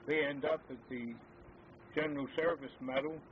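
An older man, an army veteran, recalling his service days in a halting, hesitant way full of fillers. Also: on the high side, fairly even intonation. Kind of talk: oral history reminiscence. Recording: tinny phone-like lo-fi with faint hiss.

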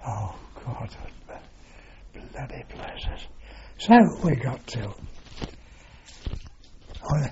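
An older man slowly reminiscing about his service years, his speech halting and peppered with mild curses. The recording is dull and lo-fi, with a steady noise underneath. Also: medium pitch. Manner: halting, with fillers and mild swearing. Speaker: veteran recounting his service. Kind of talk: oral history reminiscence.

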